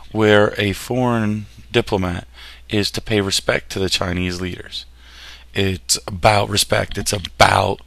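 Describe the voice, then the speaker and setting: Gravelly low-voiced male history teacher. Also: fairly bright tone, no echo. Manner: casual, jokey, slips and restarts words. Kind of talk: classroom lecture over slides.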